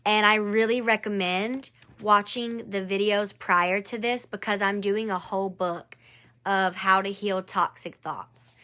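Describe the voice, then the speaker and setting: A woman's voice: medium pitch, steady tone, a little slow, sharp tone. A woman doing a live-streamed angel card reading. She speaks to one viewer by name, encourages her, and repeats her phrases.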